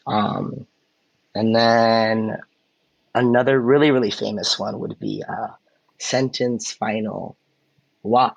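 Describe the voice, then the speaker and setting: A man's voice: on the low side, animated, slow, gravelly, pauses often, dry recording, dull audio. A man co-hosting a podcast, explaining points in a casual chat and then demonstrating intonation by example, on a close mic. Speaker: podcast co-host.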